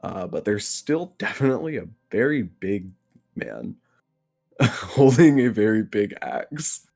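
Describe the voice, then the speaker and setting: A man narrating a tabletop game as game master, slow and halting, with many fillers. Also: lowish voice, big pitch swings, creaky, a little mellow, faint music behind.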